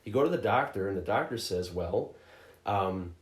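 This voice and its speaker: A man hosting a casual podcast chat, telling a game's story in a profane, animated way, often slipping into mocking voices. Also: lowish voice, fast talker. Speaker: podcast host reviewing a game. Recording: roomy echoey room.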